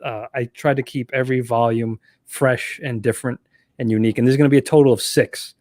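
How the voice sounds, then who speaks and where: Man guest, laid-back storyteller, mid-pitched voice, dry sound. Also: steady tone, brisk, a little mellow, no echo. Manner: easygoing, chuckling, filler-heavy. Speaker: guest writer. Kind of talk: casual interview chat.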